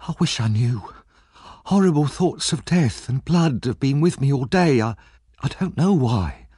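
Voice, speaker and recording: A man's voice: mid-range voice, lively intonation, a little slow, warm tone, breathy edge, dry recording, studio quality, pitched above the performer's own voice. A man voicing a frightened young woman from a thieves' gang in an audiobook, speaking in an urgent, fearful way. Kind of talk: audiobook character voice.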